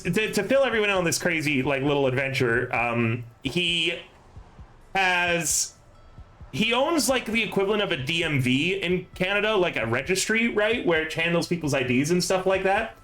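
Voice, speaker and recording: A man with a slightly higher-than-usual voice hosts a tabletop game stream. He rambles through a story in a casual chat style, padding it with fillers and breaking into laughs. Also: bright, forceful tone, low-quality recording. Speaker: game master and stream host.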